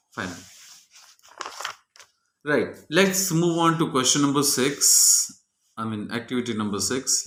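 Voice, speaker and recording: A man's voice: medium pitch, fairly bright tone, reverberant, a little hiss or hum. A man teaching a French grammar lesson, walking methodically through each exercise answer step by step.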